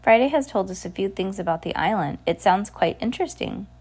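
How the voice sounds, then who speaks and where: A woman's voice: medium pitch, lively intonation, brisk, darkish tone, husky. A woman reading aloud and voicing a polite, careful young boy.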